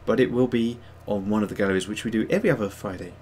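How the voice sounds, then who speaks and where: A man's voice: on the low side, very fast, a little mellow, slight background noise. A man hosting a digital sculpting livestream, chatting casually and rambling as he reads out viewers' messages and pokes fun at himself. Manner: rambling, self-mocking, reads chat aloud. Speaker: host of a digital sculpting stream.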